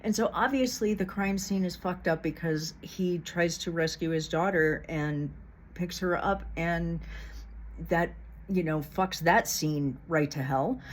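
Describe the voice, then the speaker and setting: A woman's voice: low-pitched, slight background noise. A woman vlogger giving blunt, heated commentary to the camera, swearing often. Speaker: true crime vlogger. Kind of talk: casual opinionated commentary.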